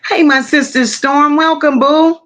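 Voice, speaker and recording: Greeting her viewers and reading out their comments, this livestream host is blunt yet warm, addressing people as "my love" and "boo." She speaks high-pitched at a measured pace, with fairly even intonation and a slightly bright tone.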